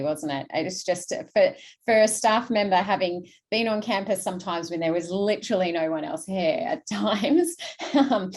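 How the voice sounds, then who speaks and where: A woman's voice: fairly low pitch, darkish tone. An Australian woman, a university staff member, moderating a student panel in an encouraging, affirming way. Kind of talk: panel discussion.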